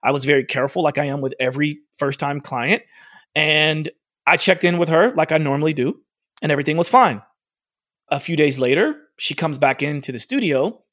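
A man's voice: on the high side, fairly quick, dry recording. A man who runs a fitness studio tells a personal story casually, with lots of "like" and acted-out dialogue. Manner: animated, acts out quoted dialogue, frequent "like". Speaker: fitness studio owner and trainer.

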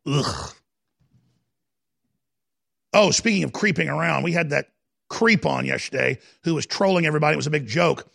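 Gravelly, fired-up male talk-show host. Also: on the high side, fairly bright tone. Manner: impassioned, digressive, rapid-fire with repeated restarts. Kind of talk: ranting political commentary.

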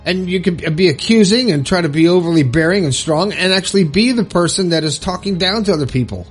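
A man's voice: high voice, animated, fast. Earnest coaching man, faint music. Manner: earnest, coaching, checks in with "okay?". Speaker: self-help video host. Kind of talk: motivational advice talk.

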